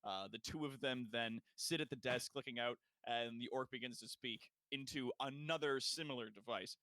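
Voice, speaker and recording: A man's voice: mid-range voice, normal speed, bright, forceful tone, no room sound. A man narrating a tabletop game as game master, rambling with many fillers.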